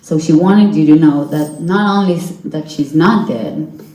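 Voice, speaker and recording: Slow-speaking woman, earnest testimony. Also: low voice, mellow, echoey room, poor audio. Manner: earnest, halting, searches for words. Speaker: hostage's relative giving testimony. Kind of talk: personal testimony at a public event. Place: event hall with audience.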